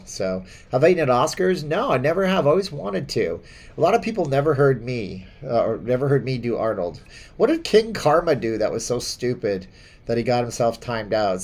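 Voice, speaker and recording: A man's voice: medium pitch, darkish tone. Rambling, chuckling male live-stream host. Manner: rambling and chuckling, with many fillers and restarts. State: stuffy from seasonal allergies. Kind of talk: casual live-stream chat reading viewer comments.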